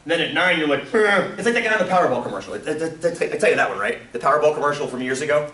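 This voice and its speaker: A man teaching statistics in a classroom, telling stories in an animated way and often laughing. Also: on the high side, rapid-fire. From Delaware. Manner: animated storytelling, acts out voices, laughs often. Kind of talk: classroom lecture. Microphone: far room mic. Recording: echoey room from far off.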